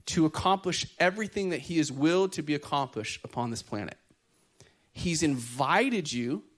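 A man, preaching a lively sermon full of jokes and acted-out quotes. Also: on the high side. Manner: lively, joking, acts out quoted voices. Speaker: pastor.

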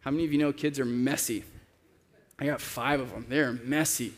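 A man in his thirties preaching a sermon, earnest, slowing down to stress key phrases. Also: medium pitch, fairly even intonation. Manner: earnest, varies pace, slows for emphasis. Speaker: pastor.

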